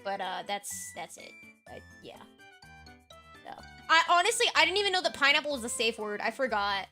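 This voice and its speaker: A young adult woman streamer, chatty and laughing often, rambling with fillers, a little hoarse and tired. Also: on the high side, very animated, fairly quick, bright, forceful tone, faint music behind. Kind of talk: casual chat recapping a role-play game.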